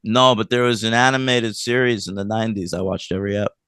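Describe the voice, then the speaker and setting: A man co-hosting a casual film review podcast, rambling and animated as he retells scenes, with lots of fillers. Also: on the low side, fast talker, clear, resonant tone, no room sound, studio quality. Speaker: podcast co-host.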